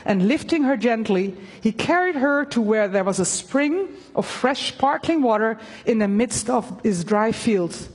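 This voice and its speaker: A woman preaching a sermon and reading a story aloud, earnest and halting, with fillers. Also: fairly high pitch, darkish tone, breathy edge, in a large hall.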